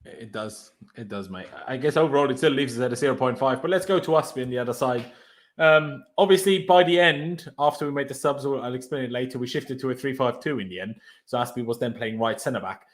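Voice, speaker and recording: A man hosting a casual fan chat over a video call, laid-back and trailing off softly at the ends of his sentences. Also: medium pitch, fast talker. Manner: relaxed, laid-back, often trails off quietly. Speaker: podcast host leading player ratings.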